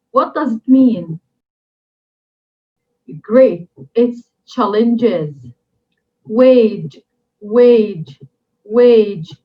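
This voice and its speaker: A woman teaching an English lesson, slow and deliberate, repeating each new word three times for drilling. Her first language is Arabic. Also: on the high side. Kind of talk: recorded classroom lesson. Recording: dull lo-fi recording.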